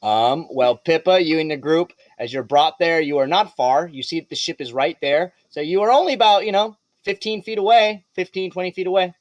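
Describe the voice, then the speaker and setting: A man narrating a live tabletop game as game master, animated and playful, slipping into quick character voices. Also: fairly high pitch, dry recording.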